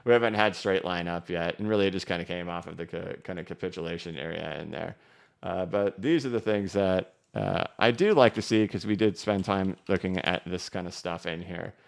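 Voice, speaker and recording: A man's voice: deep voice, brisk, vocal fry, smooth. A man in his thirties hosting a casual live stream, chatty and joking as he reads viewer comments and walks through charts. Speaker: crypto livestream host.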